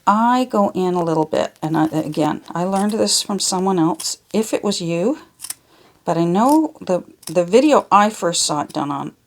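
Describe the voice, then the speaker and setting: A Canadian woman who makes junk journals chats casually while working on a craft project in her home studio. Her fairly low voice has lively intonation at a normal speed, and she rambles, drifting off onto tangents.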